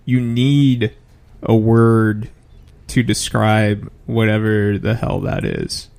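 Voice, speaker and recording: A man co-hosting a podcast in casual chat, measured and deadpan. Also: on the low side, gravelly. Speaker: podcast co-host.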